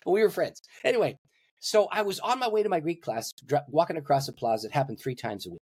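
An older man, a pastor, telling a personal story in an interview and acting out the voices in it with big swings in pitch. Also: expressive, fast, a little mellow, husky, no room sound. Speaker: pastor and guest.

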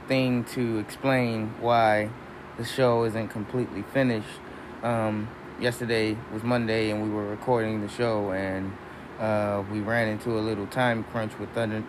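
A man, a podcast host, giving a relaxed recorded announcement with ums and uhs. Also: mid-range voice, noisy background.

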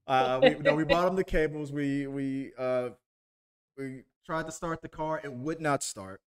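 A man's voice: on the high side, animated, unhurried, crowd noise. A man co-hosting a podcast over a video call, telling stories in a rambling, self-deprecating way with lots of restarts. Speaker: podcast co-host. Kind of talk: casual chat.

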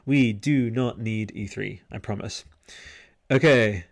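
A man's voice: fairly low pitch, slow, creaky. Rambling man on a podcast. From Australia. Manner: rambling, chatty, lots of fillers and restarts. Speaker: podcast host. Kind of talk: casual livestream chat. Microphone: headset microphone.

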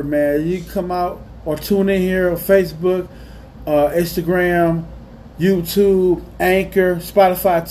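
A man's voice: high-pitched, mellow, slight background noise. A man hosting his own podcast, ranting in a heated, repetitive way and saying "man" again and again. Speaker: podcast host. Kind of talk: ranting monologue.

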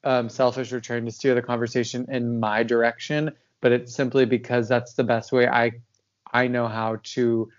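A man's voice: mid-range voice, level tone, normal speed, dull audio. A man co-hosting a podcast in casual chat, tired and yawning, rambling with frequent laughs and fillers. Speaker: podcast co-host.

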